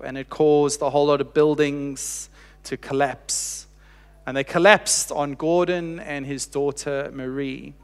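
A man preaching a sermon, telling a story earnestly with slow, emphatic pauses and dropping quiet for quoted lines. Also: fairly high pitch, clear, resonant tone. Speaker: pastor. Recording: long reverb of a large hall.

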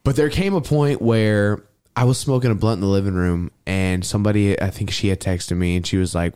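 A man's voice: fairly quick, few pauses, smooth. Casual, profane young man telling a story. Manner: animated, profane, mimics others in a high voice when quoting. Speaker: podcast co-host.

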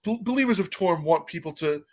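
A man's voice: sits high, expressive, brisk, a little mellow, voice pushed up. A man voicing a kindly, folksy barkeep who calls people friend and stammers a little. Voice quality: folksy, hesitant, says "friend".

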